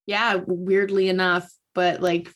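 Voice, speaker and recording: A woman's voice: lowish voice, flat delivery, slow, a bit bright. A woman casually recapping a book's plot with a sarcastic, chatty delivery full of fillers. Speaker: podcast host. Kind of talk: casual chat recapping a book.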